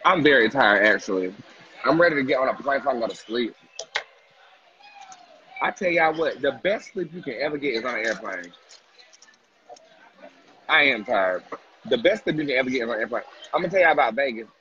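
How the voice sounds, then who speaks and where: A man's voice: medium pitch, lively intonation, brisk, long pauses, sharp tone. Sassy cussing guy on a phone livestream in a restaurant, dull lo-fi sound, some faint noise behind. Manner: sassy, profane, playful banter. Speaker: livestream host. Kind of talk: casual livestream eating chat.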